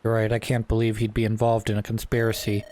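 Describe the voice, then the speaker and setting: A man's voice: fairly low pitch, completely flat delivery, quick pace, a little mellow, slight background noise, lightly acted. Young male noble, anxious, hesitant, game dialogue, read by a man.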